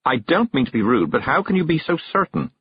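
A man's voice: medium pitch, very animated, brisk, husky, no echo, muffled recording, pitched above the performer's own voice. A man voicing a kindly, fussy woman witch who chatters politely, in a storybook reading.

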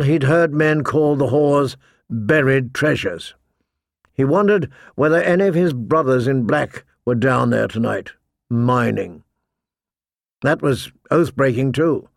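A man narrating a fantasy audiobook in a measured, deliberate storytelling manner on a close studio mic. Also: medium pitch, creaky, dry recording.

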